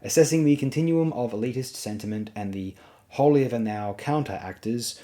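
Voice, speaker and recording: A man's voice: medium pitch, normal speed, warm tone. A young man narrating a spoken film essay, emphatic and repeating words for stress.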